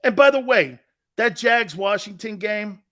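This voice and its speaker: A man's voice: high-pitched, expressive, a little slow, sharp tone. A man hosting a live sports talk show, boisterous and teasing, reading chat messages and laughing a lot. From Italian-American background.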